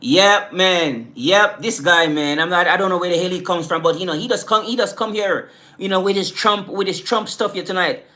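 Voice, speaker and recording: A man's voice: sits high, normal speed, bright, forceful tone. A middle-aged man from the Caribbean islands with an island accent, hosting a casual livestream, laid-back and peppering his talk with "man" and "you know". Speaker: livestream host. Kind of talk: casual livestream chat with viewers.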